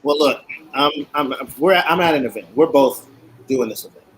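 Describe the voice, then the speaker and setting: A man of middle pitch, a cigar-maker guest, tells stories in a lively, animated way. He voices other people's words as he recounts them. A faint background hiss sits under his voice. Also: normal speed, low-quality recording. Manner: animated, acts out quotes. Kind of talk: casual storytelling.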